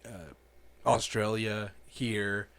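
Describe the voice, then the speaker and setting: A man's voice: fairly low pitch, little pitch movement, takes it slowly, fairly bright tone, clean tone. A man co-hosting a podcast in casual chat, easygoing and agreeable, with many hesitant fillers. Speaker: podcast co-host.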